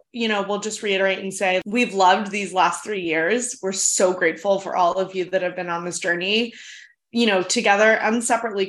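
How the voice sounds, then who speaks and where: A woman's voice: medium pitch, a bit bright. A woman co-hosting a podcast in casual chat, talking freely with many fillers and easy laughs. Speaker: podcast co-host.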